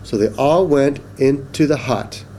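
A man reads a children's phonics book aloud, spacing out each simple word with slow, careful enunciation. His voice sits at an ordinary middle pitch, with a faint hiss in the background. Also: creaky, mellow. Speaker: storybook reader.

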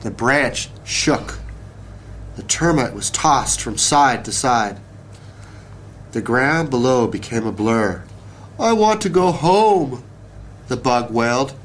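A man reading a children's story aloud in a slow, expressive way. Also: medium pitch, slight background noise.

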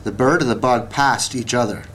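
A man reading a children's story aloud in a slow, expressive way. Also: mid-range voice, slight background noise.

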